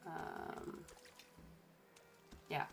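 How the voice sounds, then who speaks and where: A woman's voice: drawn-out words, music in the background. A woman archaeologist giving casual commentary while streaming a game, chatty and hesitant, often correcting herself.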